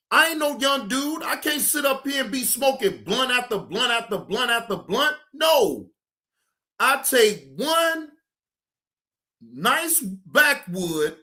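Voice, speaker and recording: A man's voice: extremely high pitch, bright, forceful tone. A middle-aged man hosting a stream, ranting casually in a drawling, profane, emphatic way. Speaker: streamer host. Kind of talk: casual live-stream rant.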